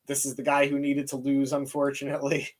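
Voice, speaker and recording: A man's voice: medium pitch, completely flat delivery, brisk. A young man hosting a wrestling recap podcast, talking enthusiastically and conversationally. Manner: enthusiastic, conversational, hands off to co-host. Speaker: podcast host. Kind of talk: casual wrestling recap chat.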